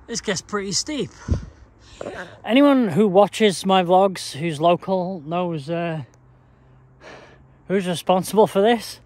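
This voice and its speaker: A man's voice: high voice, slow pace, pauses often, a little mellow. A man rambling casually in a vlog while out walking, sweary and a bit tipsy. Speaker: vlogger. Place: outdoors on a walking path.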